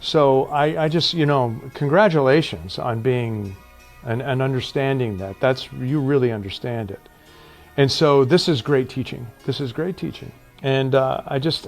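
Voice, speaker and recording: A man in conversation speaks in a mid-range voice. He is earnest and emphatic and repeats key phrases for weight, with faint music underneath. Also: medium pitch. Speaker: actor and podcast guest. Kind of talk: casual conversation.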